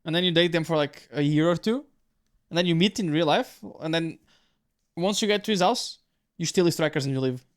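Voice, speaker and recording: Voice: mid-range voice, fairly quick. A streamer host chatting casually, teasing, laughing and stammering through replies.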